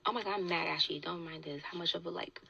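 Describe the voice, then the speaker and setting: A young woman telling a story in a casual podcast chat, animated and indignant, acting out the quotes she tells. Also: on the low side, quick pace, vocal fry, muffled recording, slight background noise.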